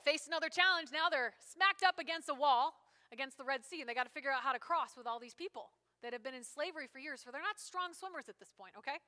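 A woman pastor preaching a sermon in a lively, joking, conversational way. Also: sits high, fast talker. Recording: long hall reverb.

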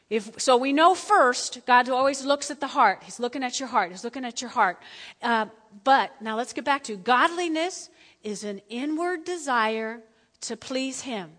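A woman pastor delivers a sermon in a high, bright voice. She talks conversationally and repeats herself, moving between loud emphasis and hushed asides. The sound carries a long hall reverb. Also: lively intonation, measured pace.

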